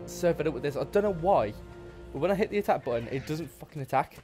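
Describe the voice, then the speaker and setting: A man's voice: a little high, expressive, quick pace. A man giving let's-play commentary, frustrated and swearing often as he plays, muttering to himself. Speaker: gaming YouTuber. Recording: game music playing behind. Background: game music.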